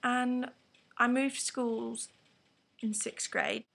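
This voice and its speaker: A woman's voice: on the high side, steady tone, very slow, creaky, fairly bright tone. A teenage girl with an English accent, ranting frankly to camera in a rambling vlog with whispered asides. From England. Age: teens. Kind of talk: candid vlog rant to camera.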